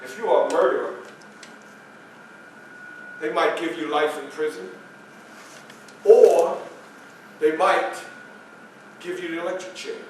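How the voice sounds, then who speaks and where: An actor playing Frederick Douglass, telling his story in a first-person stage monologue with emphatic, dramatic pauses. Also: a little high, fairly even intonation, a little hiss or hum, close to an everyday voice. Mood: earnest. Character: Frederick Douglass, adult male statesman recounting his life. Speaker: historical reenactor. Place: library meeting room, live audience. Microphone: far camera. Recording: echoey room from far off, faint ambience.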